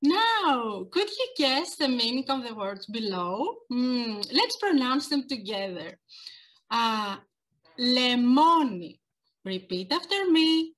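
Slow, bright-voiced Greek teacher woman. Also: on the high side, very animated. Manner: slow and careful, pronouncing words for learners to repeat. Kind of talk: online language lesson. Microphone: video call.

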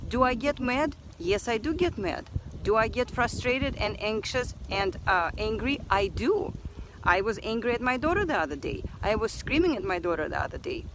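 A woman's voice: medium pitch, noisy background. A woman speaking earnestly in a personal reflective vlog, repeating phrases for emphasis. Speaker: self-help vlogger.

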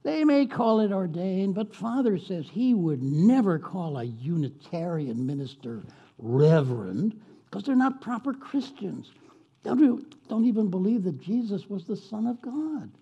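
A man's voice: high-pitched, lively intonation, unhurried, dark tone, slightly rough, lo-fi sound, pitched above the performer's own voice, heavily acted. A man voicing a prim, sniffy young lady from 1819 who gossips in a disapproving, confiding way.

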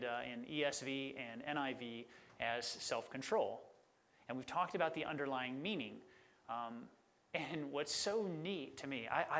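A man's voice: mid-range voice, a bit bright. A middle-aged man preaching a sermon as a pastor, conversational and enthusiastic about word meanings.

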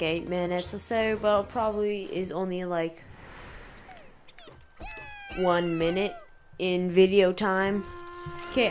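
A woman hosting blind gameplay commentary in a put-on imitation Cockney accent, joking and swearing mildly as she plays. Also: mid-range voice. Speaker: let's play host.

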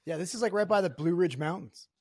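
A man's voice: high-pitched, fast talker, crowd noise. Young man ribbing his friend on a podcast. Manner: ribbing, swears casually. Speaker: podcast co-host. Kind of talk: casual podcast chat.

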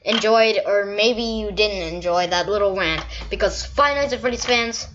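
A woman's voice: mid-range voice, moderate pace, a bit bright, highs cut off, slight background noise. A woman talking sarcastically and mockingly as she rants in a vlog. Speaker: YouTuber. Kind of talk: ranting vlog commentary.

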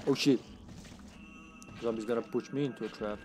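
A man's voice: medium pitch, steady tone, normal speed, darkish tone, faint music behind. A man casually commenting on his live gameplay, laughing often, taunting enemies and slipping into a put-on Austrian action-hero accent. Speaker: streamer.

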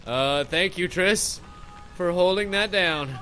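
A young man commentating over gameplay in a sarcastic, comedic way, swearing and panicking loudly, with game music behind him. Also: high voice, slow. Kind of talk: comedic let's play commentary.

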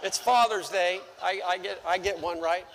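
A middle-aged male pastor preaching a sermon, telling a story in an animated way with stammering restarts. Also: high-pitched, normal speed, in a large hall, noisy background. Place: church sanctuary.

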